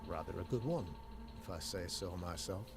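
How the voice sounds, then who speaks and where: A pompous, courtly colonial governor in a story game, with a lowish voice and flowery formal speech. Steady ambient noise runs under the game audio. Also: male voice, normal speed, gravelly. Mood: stately. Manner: formal, long-winded and courtly. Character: pompous middle-aged male colonial governor.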